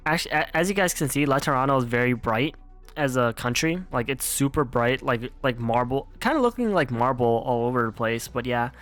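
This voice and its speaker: A man's voice: mid-range voice, animated, a little fast, a bit bright, faint music behind. A man streaming a game, chatting casually and rambling with plenty of restarts. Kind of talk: casual game playthrough commentary.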